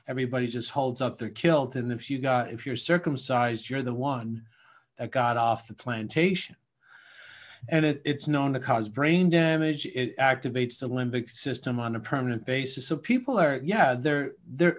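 A man from Canada talking in a casual podcast conversation, emphatic and rambling, often acting out little scenes. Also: mid-range voice.

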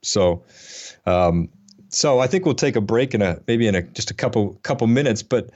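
Low-voiced guy hosting a podcast, rambly, joking at himself, kinda dull lo-fi sound. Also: animated, normal speed, a little mellow. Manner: rambling, self-deprecating, many fillers and restarts. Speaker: podcast host. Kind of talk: casual conversational podcast. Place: Atlanta area.

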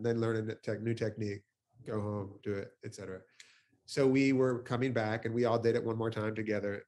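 Man, poet guest on a video call. Casual, animated storyteller who laughs a lot, swears freely and talks in loose, filler-heavy phrases. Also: mid-range voice. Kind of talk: reflective conversational storytelling.

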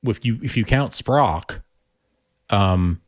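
A male podcast co-host with a fairly low voice, chatting casually. He agrees readily and adds quick, enthusiastic asides. The recording is dry and close. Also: lively intonation, no room sound. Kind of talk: casual chat.

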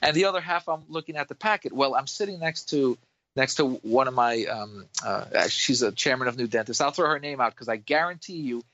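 A man's voice: mid-range voice, lively intonation, fairly quick, sharp tone, muffled recording. A man from New York, a dentist guest on a podcast, telling a rambling story in casual chat with many restarts.

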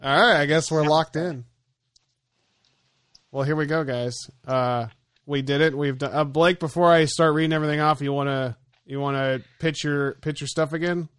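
A man hosts a casual podcast with friends, easygoing and quick to swear. His voice sits a little high. The sound is close and dry, with no room around it. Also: steady tone, a bit bright, clean tone, no room sound. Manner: laid-back, swears freely, reads lists aloud. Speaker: podcast host.

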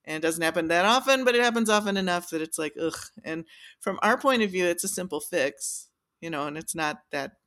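Laughing often, a woman who builds violins chats as a podcast guest, recounting a workshop story full of fillers and false starts. She speaks fairly quickly and animatedly, her fairly low voice carrying a bit of brightness.

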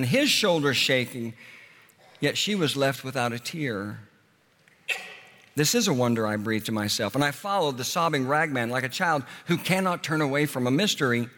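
A man telling a story dramatically, moving from hushed, quiet passages to urgent ones. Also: a little high. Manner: expressive, swinging from hushed to urgent. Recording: reverberant hall.

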